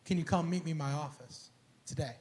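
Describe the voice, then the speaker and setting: A preacher putting on a grave senior pastor. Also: male voice, fairly high pitch, brisk, a little mellow, pitched below the performer's own voice, lightly acted. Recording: echoey church hall.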